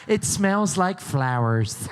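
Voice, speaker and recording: A man hosts a game show with a high, bouncing voice that swings widely. He keeps up jokey, teasing patter with the contestants. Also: lively intonation, normal speed, a bit bright, slight background noise. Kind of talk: cruise ship game show hosting.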